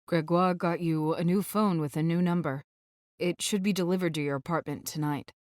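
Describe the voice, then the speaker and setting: Brief: a woman reading as a guarded young rock star, hushed and low-pitched, bone-dry studio sound. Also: steady tone, moderate pace, dry recording, close to an everyday voice. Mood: tender. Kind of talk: audiobook character voice.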